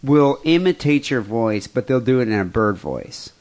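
A man, co-hosting a podcast in casual chat, retelling a grim story with meandering, halting restarts. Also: mid-range voice, lively intonation, darkish tone. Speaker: podcast co-host.

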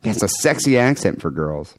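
Low-voiced man with a lively, swinging delivery. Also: brisk, no echo. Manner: crude, animated storytelling. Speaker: podcast co-host. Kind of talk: casual podcast chat.

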